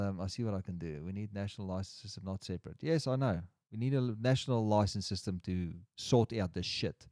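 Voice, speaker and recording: A man's voice: on the low side, warm tone, no room sound, studio quality. A man hosting a casual livestream chat, rambling and restarting his sentences as he reads the chat aloud. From Australia. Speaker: livestream host.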